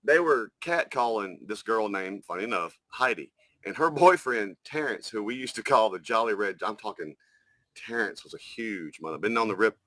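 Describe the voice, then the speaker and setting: Bright, dry-voiced man telling a story. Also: lowish voice, moderate pace, no room sound. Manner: animated storyteller, heavy swearing. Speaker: podcast co-host. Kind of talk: casual podcast chat and storytelling.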